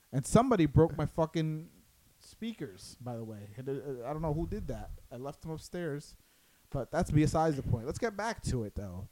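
A man telling a story in casual chat, crude and animated, acting out what others said. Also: mid-range voice, slight background noise, poor audio.

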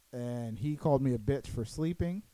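A man telling a story in casual chat, crude and animated, acting out what others said. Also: mid-range voice, low-quality recording.

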